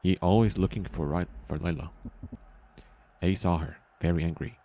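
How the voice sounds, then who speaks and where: A man's voice: deep voice, steady tone, moderate pace, warm tone. A man voicing a blunt male rebel character who talks in broken English, dropping small words. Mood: urgent.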